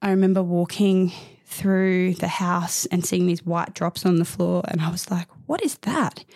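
Gravelly low-voiced woman sharing openly. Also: completely flat delivery, normal speed, darkish tone, dry recording, clean studio sound. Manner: open, heartfelt, rambling with restarts. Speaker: interview guest. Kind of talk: candid personal storytelling.

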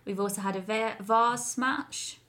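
A woman's voice: mid-range voice, a little slow. A woman co-hosting a podcast in casual chat, reading out ghost stories and laughing often. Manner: giggly, animated storyteller. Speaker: podcast co-host.

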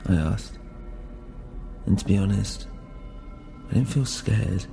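A man's voice: fairly low pitch, animated, takes it slowly, creaky, pauses often, over music. A man narrating a first-person audio drama in a brooding, introspective way.

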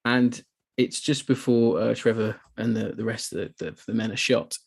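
A man co-hosting a film podcast, talking enthusiastically and getting animated as he retells scenes. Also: mid-range voice, moderate pace, gravelly, husky. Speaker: podcast co-host. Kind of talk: casual podcast chat.

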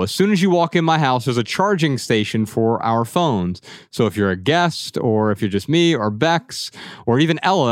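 A man hosting a podcast, explaining ideas in a steady, practical, conversational way. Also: medium pitch, no room sound, clean studio sound. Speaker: podcast host. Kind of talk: casual podcast discussion.

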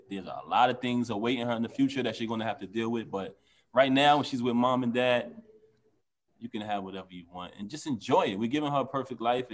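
A man, a father and interview guest, speaking in a relaxed, earnest way with many casual fillers. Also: fairly low pitch. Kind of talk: casual chat.

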